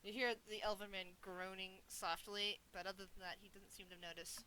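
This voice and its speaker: A woman narrating a tabletop game as game master, relaxed and self-deprecating. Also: medium pitch, fairly quick, smooth, no echo, rough recording.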